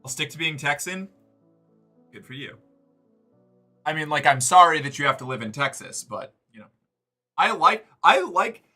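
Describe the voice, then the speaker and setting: A man's voice: on the high side, pushed and bright. An American man chatting casually with viewers on a livestream, rambling with lots of fillers and swearing freely. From United States.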